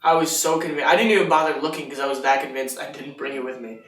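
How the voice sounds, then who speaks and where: A man's voice: a little high, fairly even intonation, quick pace, fairly bright tone. Joking man co-hosting, echoey room. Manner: joking, rambling, laughs often. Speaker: podcast co-host. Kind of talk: casual chat. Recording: echoey room, mic at a distance.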